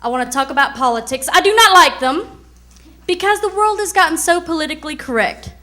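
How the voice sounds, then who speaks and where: A woman's voice: high voice, expressive, a little fast, sharp tone. A woman comedian doing a stand-up set in a drawling, folksy way on a club stage.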